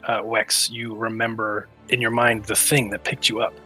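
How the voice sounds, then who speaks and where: A man as game master, narrating a tabletop game in a relaxed, matter-of-fact way. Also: fairly low pitch, moderate pace, faint music behind.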